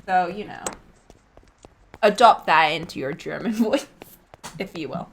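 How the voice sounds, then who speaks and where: A woman's voice: on the low side, a little slow, gravelly, a little hiss or hum, low-quality recording. A woman hosting a live game stream, chatting casually, playful and teasing, laughing often. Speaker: streamer and host. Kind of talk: casual chat while gaming.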